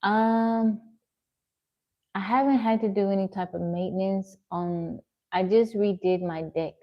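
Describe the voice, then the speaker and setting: A woman's voice: medium pitch, fairly even intonation, a little slow, lo-fi sound. A woman livestreaming from her home, chatting casually and answering viewer comments one by one. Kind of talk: casual live-stream chat reading comments.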